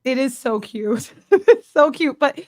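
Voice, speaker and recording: A woman with a high voice co-hosts a live commentary chat. Her delivery is emphatic and sarcastic, and it comes through close and dry. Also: animated, takes it slowly, no room sound. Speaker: co-host and fellow content creator.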